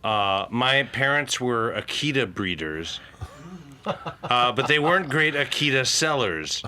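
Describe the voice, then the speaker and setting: A man's voice: medium pitch, expressive, a little slow, bright, forceful tone. A middle-aged man, a band guest, chatting casually and dropping dry, wry asides. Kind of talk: casual chat.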